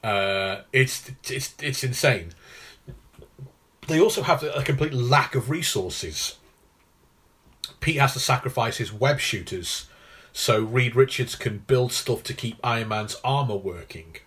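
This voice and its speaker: A man co-hosting a casual podcast, measured and hesitant with fillers, explaining comic book background. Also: mid-range voice, a bit bright. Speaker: podcast co-host. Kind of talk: casual film and comics chat.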